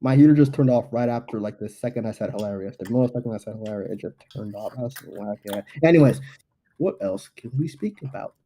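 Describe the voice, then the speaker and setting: Teen boy host, rambling and joking, mellow mid voice. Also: medium pitch, animated, fast. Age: teens. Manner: laid-back, joking, rambling. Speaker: racing league podcast host. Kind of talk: casual chat.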